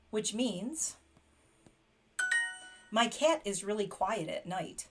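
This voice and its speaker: A US woman with a medium-pitched, lively voice hosts a relaxed late-night livestream, speaking slowly and pausing often. She chats casually, laughs frequently, and reads out short practice phrases.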